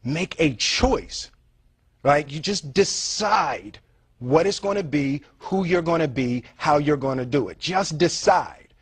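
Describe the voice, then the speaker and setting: A man with a slightly raised pitch and a husky edge delivers a motivational speech in slow, emphatic phrases. The sound is dry and close, with no room around it. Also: animated, dry recording.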